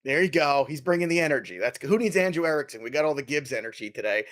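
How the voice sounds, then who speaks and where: An energetic, jokey American man hosting a casual fantasy sports podcast. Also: a little high, fast. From United States. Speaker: podcast host.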